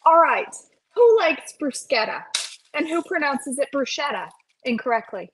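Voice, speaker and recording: Middle-aged woman hosting a live cooking stream; friendly chatter, playful sing-song greetings, voice a touch high. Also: lively intonation, unhurried, long pauses, slight background noise. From North Carolina, USA. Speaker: cooking livestream host. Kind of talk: casual live-stream chat while cooking.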